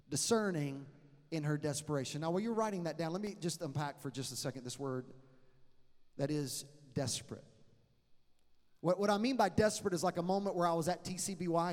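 Animated preacher in a reverberant hall. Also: male voice, a little high. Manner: animated storytelling with sudden drops to a hush. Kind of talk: sermon.

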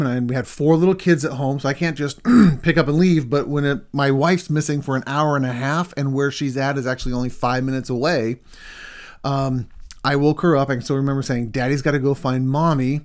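A middle-aged man, a counselor, telling a story in a casual conversation with his wife, animated when he reenacts things. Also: medium pitch, fairly quick.

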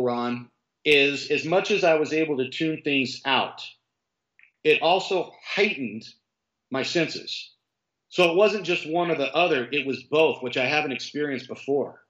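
A man's voice: mid-range voice, a bit bright, lo-fi sound. A man, a police officer, telling an interviewer in vivid first person about a shooting response, with intense repeated restarts. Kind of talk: interview storytelling.

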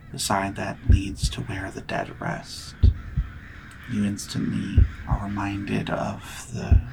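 A man runs a tabletop game, describing each scene in a slow, measured way. His voice sits low and gravelly with very little rise and fall. He takes his time over every line. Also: noisy background. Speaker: game master.

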